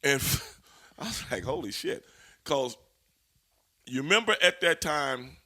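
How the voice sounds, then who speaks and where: Animated, profane male wrestler storyteller. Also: mid-range voice, takes it slowly. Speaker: former pro wrestler, interview guest. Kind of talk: casual storytelling interview.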